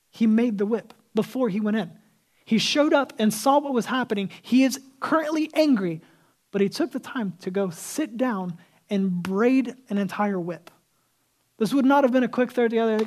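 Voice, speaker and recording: A male pastor with a high-sitting, darkish voice preaches a sermon in a casual, conversational way. He acts out the people he quotes and drops to a whisper for emphasis.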